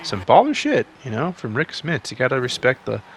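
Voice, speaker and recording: A man's voice: medium pitch, huge pitch swings, a little fast. A man casually commentating a basketball video game, rambling between calls and rising sharply on big plays.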